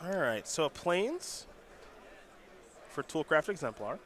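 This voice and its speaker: A man giving live play-by-play commentary on a card game tournament, brisk and joking, now and then tripping over card names. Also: fairly high pitch, very animated, a bit bright, a little hiss or hum.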